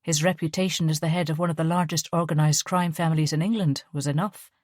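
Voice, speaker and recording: A woman reads an audiobook aloud in a steady, measured manner. Her voice is deep, and the recording is dry, with clean studio sound.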